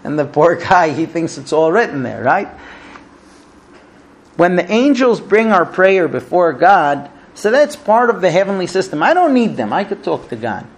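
A man giving a Talmud class, telling stories with vivid, animated intonation and conversational fillers. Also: high voice, normal speed. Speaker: Torah teacher.

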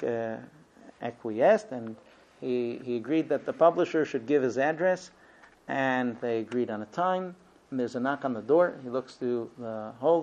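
Man teaching Torah, halting, muffled sound. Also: mid-range voice, a little mellow. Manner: hesitant, frequent ums and uhs. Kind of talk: Torah lesson with storytelling. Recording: dull lo-fi recording.

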